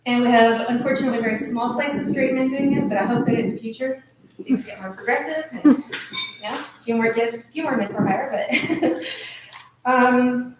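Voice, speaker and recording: Woman, earnest nervous speech, higher voice, echoey hall, distant mic. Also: normal speed, noisy background. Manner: earnest, nervous, with restarts and laughs. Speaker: speaker at a meeting. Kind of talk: emotional speech. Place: meeting hall. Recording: echoey room recorded from a distance.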